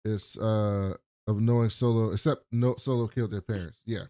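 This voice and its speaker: A man's voice: lowish voice, steady tone, normal speed, warm tone, no room sound, clean studio sound. A man co-hosting a podcast, casually recapping a TV episode in a loose, profane storytelling way. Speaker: podcast co-host.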